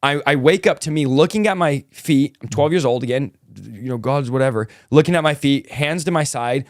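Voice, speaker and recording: A man telling an emotional personal story in casual conversation, animated and informal, saying "dude" and "like" a lot. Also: mid-range voice, fairly quick, no echo, studio quality. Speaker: guest telling his testimony.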